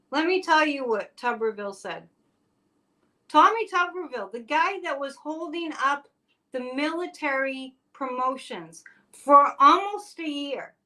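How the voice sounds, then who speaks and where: Woman, fairly high voice, chatty live-stream host, sarcastic asides, casual commentary. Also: sharp tone.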